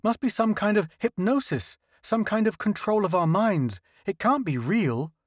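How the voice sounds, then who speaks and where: A rattled, muttering doctor, as a male narrator puts him on, agitated and tense. He pitches above the narration and ranges widely with a dry, close sound. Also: lively intonation, moderate pace, no room sound. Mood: shaken. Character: shaken male scientist, a doctor.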